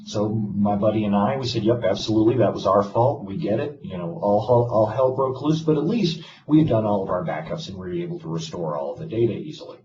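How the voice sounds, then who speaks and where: A man's voice: lowish voice, fast, few pauses, darkish tone. A man giving a casual presentation to an audience, telling a self-deprecating story with wry humor. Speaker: conference speaker. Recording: echoey hall, distant mic, dull lo-fi, noisy.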